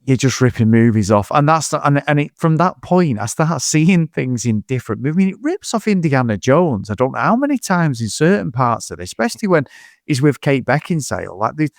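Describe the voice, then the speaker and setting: A man's voice: mid-range voice, brisk, gravelly, no room sound, clean studio sound. A man, a podcast co-host chatting casually about a film, swearing and acting out scenes. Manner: swearing, animated, acts out scenes in quotes. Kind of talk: casual film review chat.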